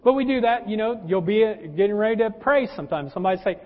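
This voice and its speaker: Male pastor, high-pitched, folksy storytelling sermon; lo-fi sound with long church reverb. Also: lively intonation, fast talker. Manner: folksy, addresses listeners as folks; personal anecdotes and humor. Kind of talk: conversational sermon. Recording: dull lo-fi with long hall reverb.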